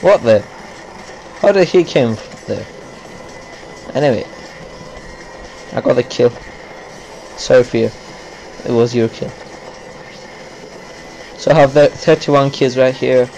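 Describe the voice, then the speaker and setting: A man talks slowly over his own gameplay in a mid-pitched voice, cursing and grumbling as he plays. His has a ring. A faint noise hangs under the recording. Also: a little mellow, rough recording. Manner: cursing, grumbling running commentary. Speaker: gameplay commentator. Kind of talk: live gameplay commentary.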